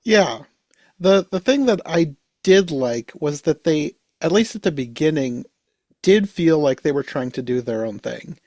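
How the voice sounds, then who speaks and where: Laid-back man, slightly high voice. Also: measured pace, dry recording. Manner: relaxed, hedging, frequent "like". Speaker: podcast host. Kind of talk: casual podcast chat.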